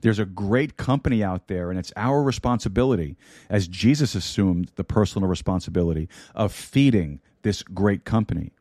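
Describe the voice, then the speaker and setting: A man's voice: lowish voice, lively intonation, moderate pace, a little mellow, no room sound. A man preaching a sermon into a studio microphone, repeating key lines and dropping in light humor. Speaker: pastor. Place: broadcast studio.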